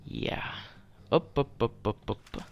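A man's voice: slow pace, highs cut off. A young man giving casual gameplay commentary, jumpy, swearing often and stammering when startled. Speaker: let's play gamer.

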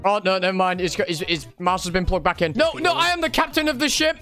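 Excitable high-voiced young man. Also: fast, faint music behind. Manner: excitable, swearing, laughing, shouting. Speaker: gaming streamer. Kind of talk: casual gameplay commentary.

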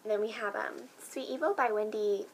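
A young woman excitedly chatting in a casual vlog, gushing about things she loves with lots of fillers. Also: mid-range voice, normal speed, slight background noise, rough recording. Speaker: book vlogger.

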